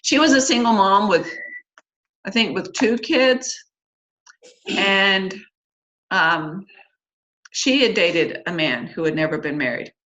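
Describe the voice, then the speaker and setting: On a slightly dull lo-fi recording, a middle-aged woman with a lowish, fairly bright voice hosts a church singles class. She talks to the group casually and candidly, with many fillers and asides.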